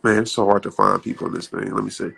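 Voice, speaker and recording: Man, thirties, slightly low voice, casual live-stream chat, phone mic, laid-back, laughs a lot. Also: flat delivery, fast talker, creaky, a bit bright, slightly rough. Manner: laid-back, chatty, laughs often, reads his own quotes aloud. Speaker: motivational speaker hosting a live stream. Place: outdoors in wind.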